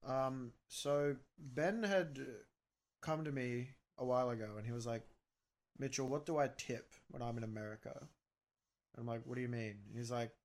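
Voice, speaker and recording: A man's voice: mid-range voice, moderate pace. A young Australian man co-hosting a podcast, chatting casually, joking and swearing freely. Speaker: podcast co-host. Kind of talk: casual chat.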